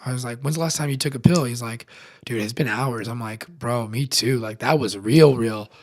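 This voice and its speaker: A young man casually telling a personal story in slangy speech full of fillers, swinging between loud excitement and hushed tones. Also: medium pitch, normal speed. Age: young adult. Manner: animated, slangy, many fillers. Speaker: podcast contributor.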